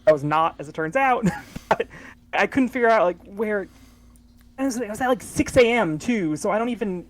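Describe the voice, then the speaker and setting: A woman's voice: mid-range voice, lively intonation, normal speed. A woman in casual podcast chat, telling a story in a wry, understated way. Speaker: podcast co-host.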